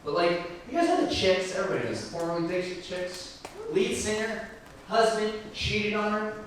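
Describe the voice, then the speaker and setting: A young man performing a stand-up comedy set in a club, with wry, self-deprecating delivery and quick crowd work. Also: high voice, expressive. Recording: echoey club room from a distance with audience noise.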